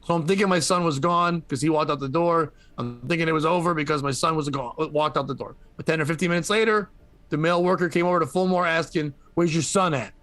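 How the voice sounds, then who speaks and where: A man hosting a comedy podcast, retelling a news story with animated, profane storytelling. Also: fairly high pitch, fast, no echo. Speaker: podcast host.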